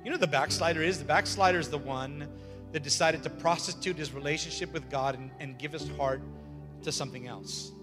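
A man's voice: on the high side, fairly quick. A man preaching a sermon as pastor, emphatic and repetitive, with joking asides. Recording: long hall reverb with faint music.

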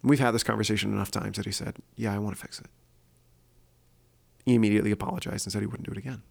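A man's voice: lowish voice, fairly even intonation, very fast, vocal fry, a little mellow, husky. A man hosting his own opinion podcast, talking earnestly and thinking aloud with frequent fillers. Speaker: podcast host. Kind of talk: solo opinion podcast monologue.

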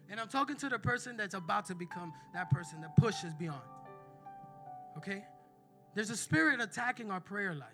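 High-voiced bright male preacher. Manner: emphatic, calls out to the congregation. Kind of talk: sermon.

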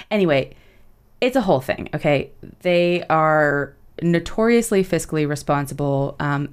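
A young woman co-hosts a casual podcast in a low-pitched voice. Her talk is loose and chatty, she swears freely, and she often laughs through her asides.

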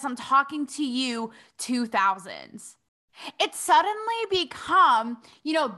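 A woman's voice: a little high, bright, forceful tone. A young adult woman hosting her own podcast, talking in a playful, rambling, self-mocking way. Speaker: podcast host. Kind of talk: casual solo podcast monologue.

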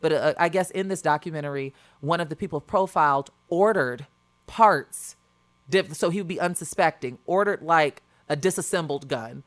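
Young woman podcast cohost, low voice, earnest rambly storytelling. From Chicago area. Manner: earnest, rapid storytelling with restarts. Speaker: podcast co-host. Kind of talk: casual chat.

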